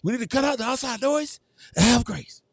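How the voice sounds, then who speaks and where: A man's voice: very high voice, expressive, brisk, slightly rough, no room sound, studio quality, voice pushed up, full character voice. A man doing a pleading female coach. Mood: pleading softly. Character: pleading female basketball coach asking for patience.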